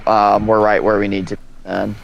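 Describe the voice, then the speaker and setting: Relaxed gamer, low voice, joking with the group in voice chat. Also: male voice, moderate pace, gravelly, highs cut off. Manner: teasing, easygoing. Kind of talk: casual gaming voice chat.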